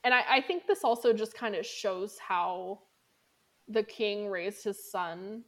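A woman co-hosts a relaxed podcast conversation. She talks casually, peppering her speech with fillers and easy laughter. Her pitch sits in the middle range. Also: a little slow. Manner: chatty, laughs often, fillers like "like". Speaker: podcast co-host. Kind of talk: casual chat.

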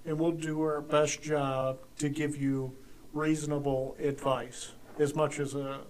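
A man co-hosting a podcast who chats casually and drops dry, deadpan jokes. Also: on the high side, unhurried, rough recording. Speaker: podcast co-host. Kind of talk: casual chat.

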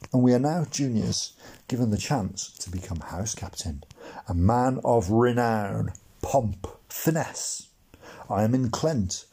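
A man reads his own comic memoir, his voice dark and mellow with a gravelly edge and a hint of huskiness. He tells it wryly, with mock-dramatic pomp and dry asides. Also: fairly low pitch. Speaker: blogcast narrator. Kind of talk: reading a humorous memoir.

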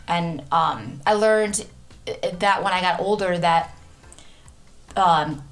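A woman's voice: fairly low pitch, slow. A woman in her thirties hosting a podcast, talking frankly in a rambling, casual way, with many restarts and the odd swear. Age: 30s. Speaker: podcast host. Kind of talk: candid casual monologue.

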